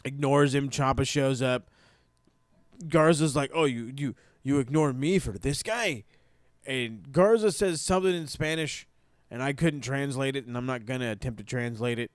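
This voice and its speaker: A man's voice: mid-range voice, moderate pace, clear, resonant tone, dry recording, studio quality. A man co-hosting a casual wrestling podcast, laid-back and swearing, acting out wrestlers' lines for laughs. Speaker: podcast co-host.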